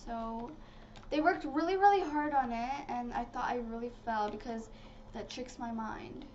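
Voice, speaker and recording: A woman giving casual, excitable commentary while playing a video game, talking to her viewers. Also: a little high, measured pace. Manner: chatty and excitable, talks to viewers as "guys". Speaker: gaming channel host. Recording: slightly dull lo-fi audio with faint noise.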